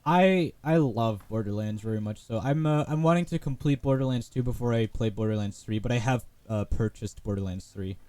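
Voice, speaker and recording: A man joins a podcast as a guest and talks at length in a rambling, enthusiastic way. His voice is mellow and warm. The sound is dry and close to the mic. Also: mid-range voice, fairly quick, hardly any pauses, no room sound. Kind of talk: casual chat.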